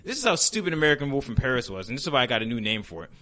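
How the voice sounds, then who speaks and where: A man's voice: mid-range voice, sing-song, rapid-fire, pushed and bright. A male podcast host in casual comedy chat. He rambles and stalls with filler words while searching for names. When he gets going he swears freely and rants. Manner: rambling, profane, with many ums and searching for names.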